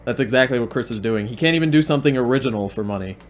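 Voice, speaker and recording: A man's voice: mid-range voice, racing, a little hiss or hum. A man hosting a stream, mocking the videos he plays in a sarcastic, repetitive way. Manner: sarcastic, deadpan, repeats himself. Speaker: stream host and commentator.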